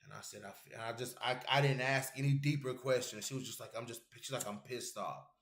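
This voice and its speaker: A man's voice: medium pitch, fast, vocal fry, a bit bright, reverberant. A man hosting an MMA show, chatting casually and rambling with viewers, with loose, profane talk. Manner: loose, rambling and profane, reads chat messages aloud. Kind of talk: casual livestream chat with viewers.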